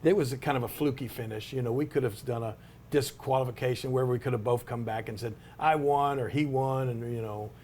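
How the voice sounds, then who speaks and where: A man's voice: medium pitch, fairly even intonation, a little fast, a little mellow, a little hiss or hum. An older man, telling a long anecdote in an interview with many restarts and asides. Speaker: interview subject, retired wrestler. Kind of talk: storytelling in an interview.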